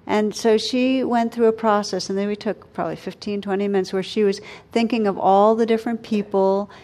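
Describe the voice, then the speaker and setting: A woman speaking as a meditation teacher in a dharma talk. Her voice sits at a middle pitch. She talks gently and reflectively, letting her words slow and soften into quiet pauses. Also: fairly even intonation.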